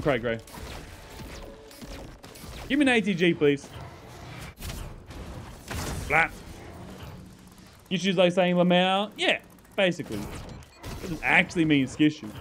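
A man's voice: on the high side, fairly bright tone, slight background noise. Sarcastic, laughing man streaming a game. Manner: joking, sarcastic banter with chat, laughs often. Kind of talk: casual live-stream gaming chat.

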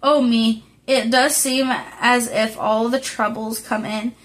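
A spirited, impulsive teenage girl from a classic storybook speaks in an earnest, emotional way. Her voice is fairly high and her delivery slow, as a woman reader takes the part. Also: fairly even intonation, fairly bright tone. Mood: weary.

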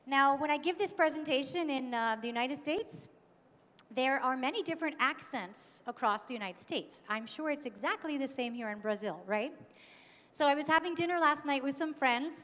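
Woman, high voice, keynote speaker, engaging, questions the audience, long reverb of a large hall. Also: a bit bright. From New York. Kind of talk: conference keynote talk. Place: conference hall.

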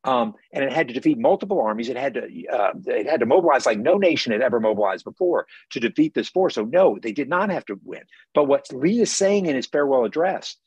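A man's voice: medium pitch, lively intonation, quick pace, darkish tone, breathy edge, dry recording, dull audio. An author with a faded Southern accent, talking in an emphatic book festival interview over a video call and often restarting his words.

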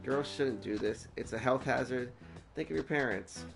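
A man's voice: mid-range voice, normal speed, vocal fry, over music, natural voice. A man voicing a stern adult man who lectures a girl in a preachy way.

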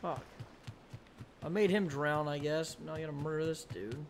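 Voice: mid-range voice, steady tone, moderate pace, slight background noise. A game streamer giving live commentary, often exasperated and scolding a pet between plays.

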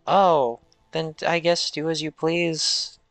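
A person in a group game call asking dry, deadpan questions. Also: mid-range voice, takes it slowly, soft background music. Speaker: streamer guest. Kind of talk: casual group chat while gaming.

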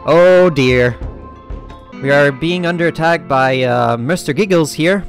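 A man giving sweary, animated let's-play commentary as a gaming YouTuber, laughing often. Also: on the high side, unhurried, faint music behind.

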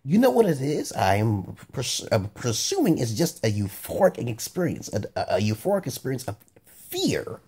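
A man delivers a rambling, profanity-heavy monologue with a husky, mellow voice. His pitch leaps wildly from low grumbles to high exclamations. He keeps slipping in laughing asides as he talks. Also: wildly swooping pitch, normal speed. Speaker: vlogger.

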